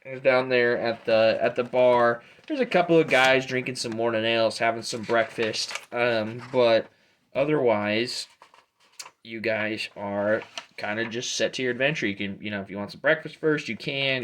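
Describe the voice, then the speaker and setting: A man runs a tabletop game as game master, talking in an easygoing, rambling way full of ums and uhs. His voice sits at a middle pitch. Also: moderate pace, slight background noise. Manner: relaxed, rambling with many fillers.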